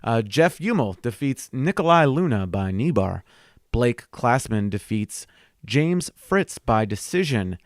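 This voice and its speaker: A man's voice: mid-range voice, big pitch swings, unhurried, dry recording, clean studio sound. A man co-hosting a casual sports podcast, joking around and reading out match results. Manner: joking, reads results in an announcer voice. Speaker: podcast co-host.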